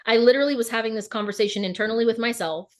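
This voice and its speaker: A woman co-hosting a podcast over a video call, telling stories in a casual, animated way and acting out her own inner dialogue. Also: a little high, racing. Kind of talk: casual conversational podcast chat.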